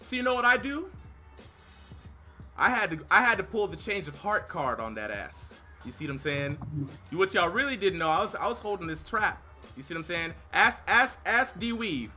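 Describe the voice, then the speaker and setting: Bright, animated young-sounding man. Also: high-pitched. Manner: animated storyteller, acts out quotes. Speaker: podcast co-host. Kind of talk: casual recap chat.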